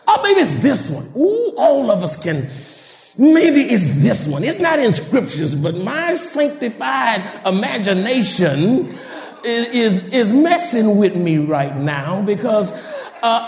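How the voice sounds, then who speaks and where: A man preaching a sermon to a congregation, calling out to them with laughing asides and building to shouted, sing-song climaxes. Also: very high-pitched. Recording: echoey hall from a distance.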